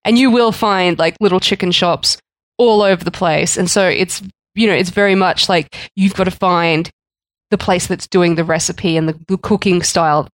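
A woman's voice: fairly low pitch, moderate pace, no room sound. Female podcast co-host, casual and agreeable, dry close recording. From Australia. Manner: easygoing, agreeable, short replies. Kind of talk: casual chat.

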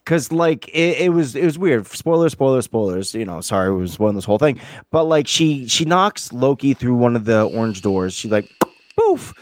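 A man co-hosts a casual podcast about a TV show, swearing often and energetically acting out quotes. His mid-range voice is expressive at normal speed, recorded with clean studio sound and no room sound.

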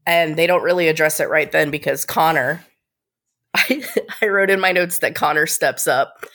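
A woman's voice: mid-range voice, fairly bright tone. A woman co-hosting a casual TV recap podcast, laughing often and adding thoughtful asides. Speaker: co-host.

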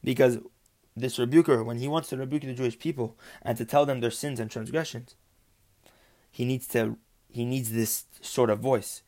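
A man's voice: mid-range voice, fairly even intonation, moderate pace, a little mellow. Man teaching a Torah text. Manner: explains Hebrew terms then translates them; rhythmic, repeats phrases with rising emphasis. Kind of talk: religious text lesson.

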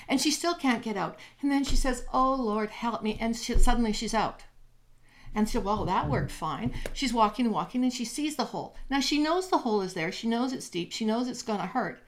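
A woman speaking as a spiritual coach in relaxed podcast conversation. Her voice sits a little high, and she tells stories with energy, acting out the voices in them. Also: a little fast. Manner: animated, acts out voices in stories. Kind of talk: casual podcast chat, storytelling.

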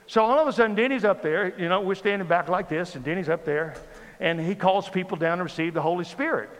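A man telling a funny personal story from the pulpit in a sermon, animated and comic. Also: high voice, fast talker. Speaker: pastor. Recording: reverberant hall with faint ambience.

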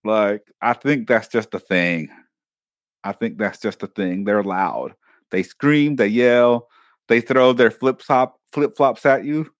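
A man co-hosting a podcast, chatting casually and telling lively stories about his family. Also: medium pitch, slow, dry recording, clean studio sound. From Mexican family background. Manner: animated storyteller, mimics his mother yelling. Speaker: podcast co-host. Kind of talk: casual chat.

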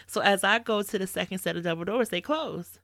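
A woman hosting a faith podcast, telling a personal story in a candid, animated way and quoting her own asides. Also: medium pitch, a little fast, no echo, studio quality. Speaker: podcast host. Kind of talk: casual faith talk, storytelling.

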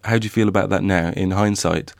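A man's voice: deep voice, fairly even intonation, fairly quick, vocal fry, dry recording, clean studio sound. A man co-hosting a podcast about writing, talking casually with many restarts and fillers. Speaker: podcast co-host, novelist.

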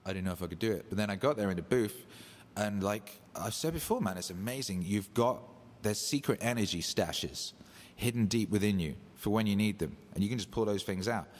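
A man hosting a casual livestream, hyped and loose, swearing and shouting out viewers. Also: lowish voice, fairly quick. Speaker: livestream host. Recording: echoey room with long reverb.

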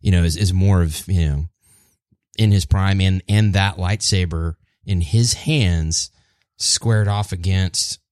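Man, very low voice, casual chat, animated storyteller, dry recording. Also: slow pace, no room sound. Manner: animated storyteller, acts out quotes.

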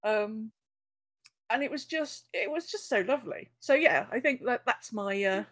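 A woman's voice: on the high side, expressive, normal speed, a bit bright. A woman in casual chat, telling a long story with many fillers and restarts. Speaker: podcast guest.

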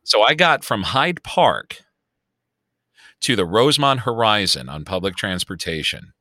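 A man's voice: lowish voice, sing-song, measured pace, bright, forceful tone, no echo, studio quality. A man in his fifties with a Chicago accent, telling a long story in casual podcast chat and swearing freely. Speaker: podcast co-host.

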